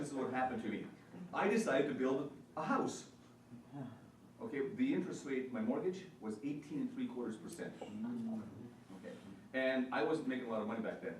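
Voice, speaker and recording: A man's voice: medium pitch, darkish tone, slight background noise. A man giving an earnest, storytelling speech as a small business consultant at a forum. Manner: storytelling, earnest, repeats himself for emphasis. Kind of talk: motivational speech to an audience. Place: meeting hall. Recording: echoey hall, mic far off, faint ambience.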